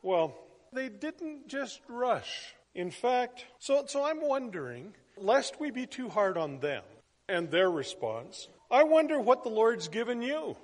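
A man's voice: very high voice, sing-song, slow, in a large hall. A man preaching a sermon in a conversational way, asking the congregation questions as he goes. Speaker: pastor.

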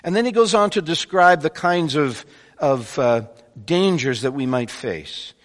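A man preaching a sermon to his congregation, animated, swinging between loud emphatic bursts and quiet asides. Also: on the high side, a little slow. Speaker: pastor. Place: church sanctuary. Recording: long church hall reverb.

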